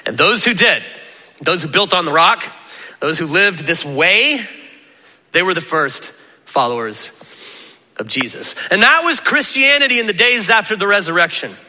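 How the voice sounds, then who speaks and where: A man preaching a lively, conversational sermon as a pastor, acting out the voices of Jesus and of the crowd. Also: sits high, normal speed, pauses often. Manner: animated, conversational, acts out voices of Jesus and listeners. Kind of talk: energetic sermon. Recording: reverberant hall.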